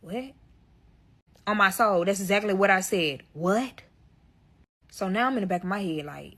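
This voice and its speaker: Husky, bright-voiced woman telling a dramatic story. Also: medium pitch, normal speed, long pauses. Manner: profane, dramatic storytelling to viewers. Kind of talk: storytime vlog.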